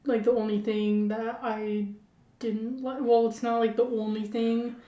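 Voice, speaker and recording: A woman co-hosting a podcast in casual, quick banter. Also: fairly high pitch, little pitch movement, mellow. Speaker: podcast co-host. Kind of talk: casual chat. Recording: roomy echo.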